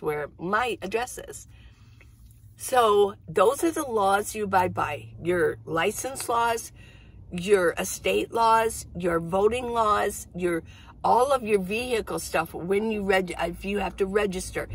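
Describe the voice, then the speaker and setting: A middle-aged woman with a medium-pitched, husky voice hosts a casual coffee-chat vlog from inside her minivan. She rambles and laughs often, and the recording is rough.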